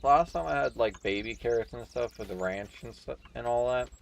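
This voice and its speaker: A man's voice: mid-range voice, a little fast, creaky, slight background noise. A man streaming a game, chatting in a laid-back, offhand way and swearing casually. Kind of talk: casual chat while gaming.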